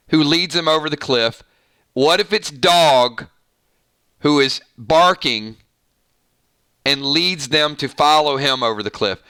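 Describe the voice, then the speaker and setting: Excitable male stream host, slightly high voice, dry close sound, chats straight to viewers. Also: clear, resonant tone, dry recording. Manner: excitable, laughs often, talks to viewers directly. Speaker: host of a TV review channel. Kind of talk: live-stream chat reading viewer comments.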